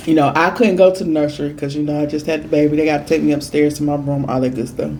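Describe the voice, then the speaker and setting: Mellow-voiced woman telling a story. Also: deep voice, racing, few pauses, a little hiss or hum. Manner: chatty, emphatic repeats, lively quoted voices. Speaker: food vlogger. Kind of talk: casual storytime while eating.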